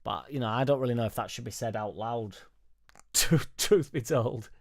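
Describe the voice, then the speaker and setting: A man hosting a football fan live stream, chatting casually and reading viewer comments aloud in a rambling, sweary, jokey way into a studio microphone on a boom arm. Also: moderate pace, vocal fry, a little mellow. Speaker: football fan channel host.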